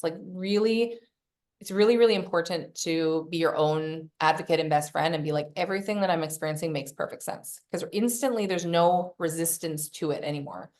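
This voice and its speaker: A woman's voice: deep voice, normal speed, darkish tone. A woman hosting a podcast, giving casual self-help coaching, swearing freely and acting out her own inner voice. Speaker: podcast host.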